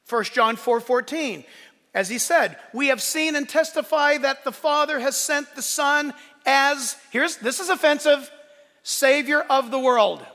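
In a big hall where the reverb lingers long, a pastor gives an unhurried sermon with lively, animated energy, momentarily taking on the voices he cites. His tone is very high, bright, and forceful.

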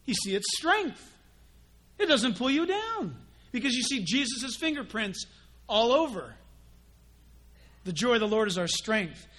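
A male pastor preaching a sermon in an animated way, acting out mock dialogues. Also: very high voice, a little slow, pauses often.

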